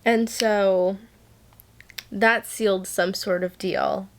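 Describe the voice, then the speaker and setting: Slow-talking excitable young woman. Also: medium pitch. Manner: gushing and excitable, reads passages aloud. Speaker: book vlogger. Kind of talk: casual reading vlog, recapping a novel.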